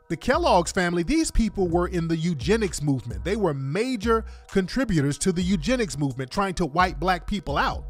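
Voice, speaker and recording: A man's voice: high voice, slightly rough. A man hosting a radio talk show, giving heated political commentary and speaking straight to his listeners with lots of repetition. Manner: emphatic, repetitive, addresses listeners directly.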